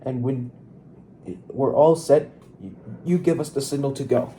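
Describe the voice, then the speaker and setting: A man's voice: mid-range voice, unhurried, warm tone, slight background noise, natural voice. A man voicing a cheerful, bouncy storybook tiger with a boisterous, playful manner. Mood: plotting.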